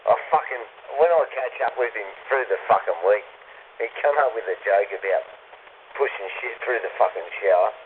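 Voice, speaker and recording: A man's voice: fairly low pitch, normal speed. A man with an Australian accent chatting over CB radio, rambling, swearing freely and laughing often. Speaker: CB radio caller. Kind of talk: casual banter over CB radio. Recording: tinny CB radio with hiss.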